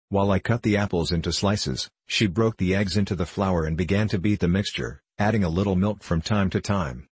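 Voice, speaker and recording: A man narrating an audiobook in a measured, steady reading voice. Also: low voice, husky, dry recording.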